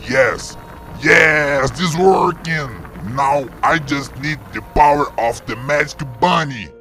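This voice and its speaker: A man voicing a gleeful scheming male villain in a fan-made game video, speaking slowly and theatrically with cackles. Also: medium pitch, fairly bright tone, faint music behind, lightly acted. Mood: gloating.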